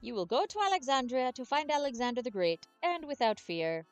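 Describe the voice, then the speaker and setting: A calm, cryptic male scholar from a game, speaking in measured aphorisms with an odd accent, as a woman puts him on. The pitch moves about a good deal, and faint music plays underneath. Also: clear, resonant tone, dry recording.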